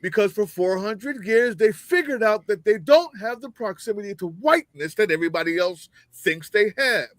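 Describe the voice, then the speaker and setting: A man's voice: high voice, expressive, normal speed, hardly any pauses, no echo, low-quality recording. A man on a video call giving heated political commentary, fiery, profane and mocking, full of rhetorical questions.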